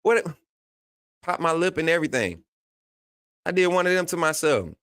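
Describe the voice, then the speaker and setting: A man's voice: a little high, normal speed, clear, resonant tone, dry recording. Man, Southern Alabama accent, live-stream host, casual and chatty, laughs a lot, dry close sound. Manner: animated, laughs often, reads and answers chat comments.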